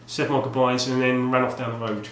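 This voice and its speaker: A mid-range male voice with flat delivery moves fairly quickly as a retro game collecting vlogger casually discusses a game he bought on video. He rambles, filling gaps with fillers and restarting sentences often. The room echoes, and a faint hum runs underneath.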